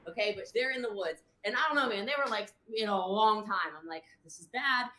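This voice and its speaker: A woman's voice: mid-range voice, a little fast, background noise. A woman on a livestream telling a long story, rambling and acting out what people said. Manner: rambling, acts out quotes. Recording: echoey room.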